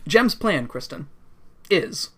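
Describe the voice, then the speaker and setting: This is a fairly low-voiced woman co-hosting a casual podcast, recapping a cartoon episode. She laughs easily and slips into quick voices for the characters. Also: animated, crowd noise. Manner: laughs often, acts out characters' lines. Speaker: podcast co-host.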